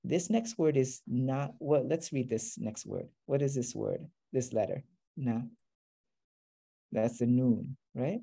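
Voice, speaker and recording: Man, teacher, mellow tone, patient step-by-step explaining, online class. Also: mid-range voice, slow, gravelly, breathy edge. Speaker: Arabic teacher.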